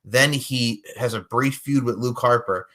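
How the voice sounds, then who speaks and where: A man from Long Island with a New York accent, co-hosting a casual wrestling podcast, animated and quick to laugh. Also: medium pitch. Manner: animated, laughs often, talks at length. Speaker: podcast co-host.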